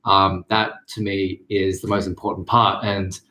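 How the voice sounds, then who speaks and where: A man's voice: sits low, little pitch movement, unhurried, pushed and bright. A young man chatting on a livestream with a friend, laid-back and agreeable. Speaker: co-host friend. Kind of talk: casual livestream chat. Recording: roomy indoor echo.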